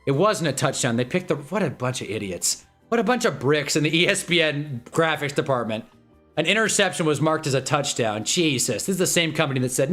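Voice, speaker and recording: A man's voice: mid-range voice, very animated, normal speed, fairly bright tone. A male livestream host riffing through a casual watch-along. He rambles from joke to joke, laughing often, in a middling voice. Faint music plays behind him.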